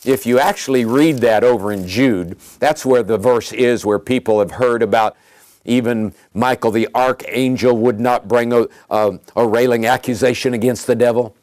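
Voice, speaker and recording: A man's voice: mid-range voice, moderate pace, no echo. Emphatic male preacher in a dry room. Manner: emphatic, animated, repeats phrases for stress. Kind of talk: sermon.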